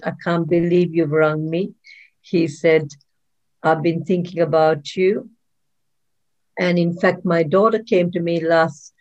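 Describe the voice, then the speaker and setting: A woman's voice: lowish voice, a little mellow, dull audio. A woman, a former nurse and author, telling a moving story in an interview, heartfelt and full of ums and restarts.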